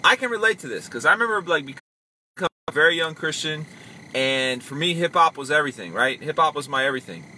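A man hosting a casual podcast about faith, chatting loosely, acting out quick voices and reading comments aloud. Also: fairly high pitch, a little hiss or hum. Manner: animated, acts out voices, reads comments aloud. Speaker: podcast host.

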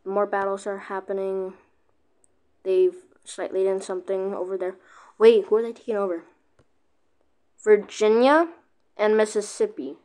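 A woman giving casual, excitable gameplay commentary, often breaking off mid-sentence to react. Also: mid-range voice, a little slow, pauses often, clear, resonant tone. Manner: excitable, keeps cutting herself off with "wait". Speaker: gaming video creator.

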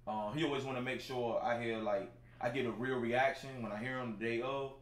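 A man's voice: mid-range voice, fairly even intonation, brisk. A man in his thirties hosting a casual livestream from home, talking loosely to his viewers with lots of filler phrases. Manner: laid-back, talks straight to chat viewers, lots of filler phrases. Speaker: livestream show host. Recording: roomy sound with faint background noise.

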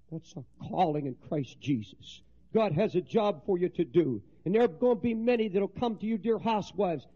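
A middle-aged man preaching with fervor, his voice pitched high for a man. He swings between ringing exclamations and quiet, confiding storytelling. The recording sounds dull and lo-fi, like an old 1970s sermon tape. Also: expressive, moderate pace. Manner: fervent, swinging from loud exclamations to hushed storytelling. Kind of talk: impassioned sermon.

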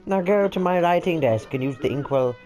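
Give me a wise, fussy old kettle from a cartoon game, put on by a British man. He lectures slowly and fatherly, and his lively voice rises a little above the narrator's own. Faint music sits behind him. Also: a little high, pitched above the performer's own voice, close to an everyday voice. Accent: British English.

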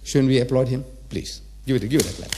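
A man's voice: medium pitch, quick pace, dark tone, slight background noise. A man in his seventies giving a religious lecture to a live audience, emphatic, repeating phrases and firing rhetorical questions at the listeners. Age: 70s.

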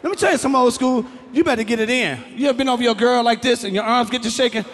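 A middle-aged male stand-up comedian on stage, loud and profane, breaking into shouted bits. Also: very high-pitched, fast talker, long reverb tail, slight background noise. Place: comedy stage before a live audience.

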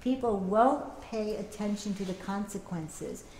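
A middle-aged woman giving a teach-in as an activist, telling lively anecdotes and acting out the voices of people she quotes. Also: mid-range voice, unhurried. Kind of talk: public talk with storytelling. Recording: echoey room, faint background noise.

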